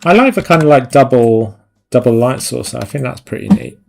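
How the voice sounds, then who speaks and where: A man talks loosely over his digital painting on a live stream, rambling and sweary with a self-mocking edge. His voice sits in a middle range with a gravelly, creaky grain. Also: mid-range voice, expressive, moderate pace, a little mellow. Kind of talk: casual live-stream chat while painting.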